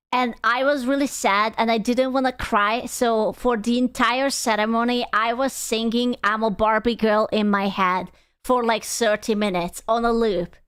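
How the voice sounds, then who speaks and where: A young woman streams in a loose, rambling chat style. She swears freely and breaks into laughs often. Her voice sits slightly high for a woman. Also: a bit bright, clear, resonant tone. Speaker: VTuber streamer. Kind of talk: casual live-stream chat.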